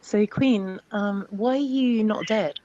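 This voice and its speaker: A woman's voice: medium pitch, slow pace, mellow, muffled recording, a little hiss or hum. A woman on a live stream panel, teasing a guest with playful questions. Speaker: co-host. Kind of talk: casual panel chat.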